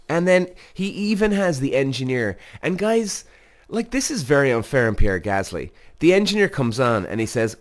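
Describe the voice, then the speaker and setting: A man hosting a podcast, reacting to a motorsport documentary in a casual, animated way, swearing freely and speaking straight to his listeners. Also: mid-range voice. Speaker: podcast host, former racing driver.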